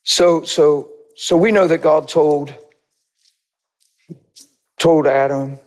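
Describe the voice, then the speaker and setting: A middle-aged man delivers a sermon with a somewhat high voice. He tells personal stories with lots of energy and acts out the other people in them with squealing, exaggerated voices. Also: slow. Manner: animated storytelling, acting out voices in high squeals. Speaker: preacher.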